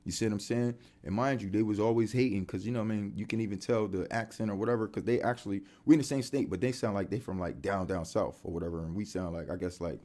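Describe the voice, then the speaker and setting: A man's voice: fairly low pitch, fast talker, few pauses. A man with a Delaware accent, telling faith testimonies in casual street slang and filling his talk with "you know what I'm saying.". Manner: animated street slang, many fillers. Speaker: faith vlogger.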